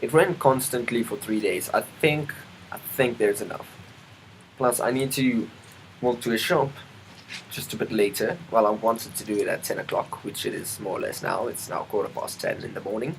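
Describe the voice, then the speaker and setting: Guy rambling on his vlog, kinda low voice, lots of ums and restarts. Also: moderate pace, creaky, slight background noise, low-quality recording. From South Africa. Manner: rambling, self-interrupting, many ums and restarts; chatty, asides to the weather. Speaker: vlogger. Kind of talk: casual rambling monologue.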